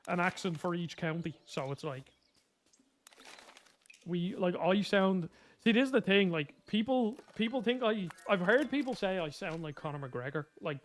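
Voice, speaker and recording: Young man, Dublin Irish accent, high voice, casual rambling chat, lots of fillers and restarts. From Ireland. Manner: rambling, filler-heavy, often restarts and corrects himself. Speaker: gaming YouTuber.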